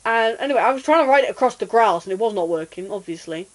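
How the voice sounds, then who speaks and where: A woman streamer chatting casually and telling an animated childhood story while gaming. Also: medium pitch, quick pace, low-quality recording.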